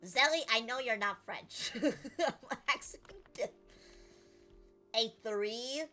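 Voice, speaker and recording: A woman's voice: a little high, takes it slowly, bright, forceful tone, soft background music. A woman streamer chatting casually and giggling with her chat while playing a game. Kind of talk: casual gameplay commentary.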